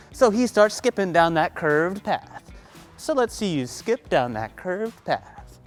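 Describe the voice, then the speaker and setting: A woman with a low voice tells a children's story and walks the listeners through each movement. She encourages them, calling out what to do next. She keeps it simple and upbeat for young kids. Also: very animated, measured pace, faint music behind. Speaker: kids' movement instructor.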